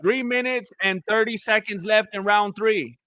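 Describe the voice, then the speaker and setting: A man's voice: sits high, moderate pace, sharp tone, smooth, no room sound. A man giving casual, joking play-by-play of a live fight, rambling and repeating himself. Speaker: fight commentator. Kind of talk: casual live fight watch-along commentary.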